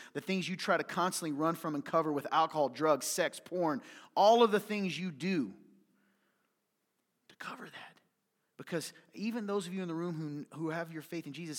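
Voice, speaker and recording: A man preaching a sermon with a somewhat high voice, full of feeling. He drops to soft near-whispers, then swells into loud, urgent appeals. His voice carries through a hall with a long echo. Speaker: pastor. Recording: reverberant hall.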